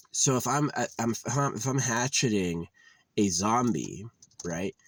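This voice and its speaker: A man's voice: on the low side, no echo. A tired young man ranting casually about a game, frustrated, swearing often and rambling with lots of fillers. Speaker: gamer venting about a game. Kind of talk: casual rant to camera.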